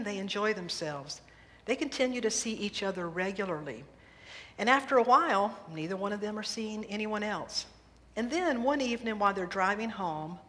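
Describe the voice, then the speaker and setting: A woman minister preaching a sermon, telling a humorous story in lively fashion in a church sanctuary. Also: mid-range voice. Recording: reverberant hall, faint noise.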